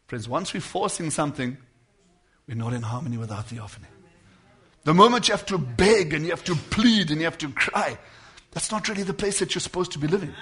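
With a fairly high pitch and lively intonation, a man preaches a sermon to his congregation. He moves between soft and loud passages and lingers on words to emphasize them.

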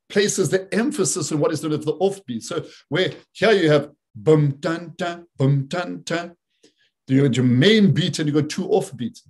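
A man's voice: a little high, darkish tone, breathy edge. A man presenting a talk, explaining rhythm and imitating beats with sung syllables. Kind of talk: talk with played video clips.

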